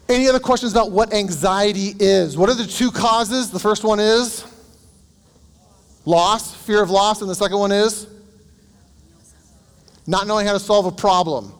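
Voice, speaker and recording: A man's voice: a little high, long reverb tail. A man working as a counselor, teaching a group in a casual, anecdotal way and asking them questions. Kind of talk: conversational teaching.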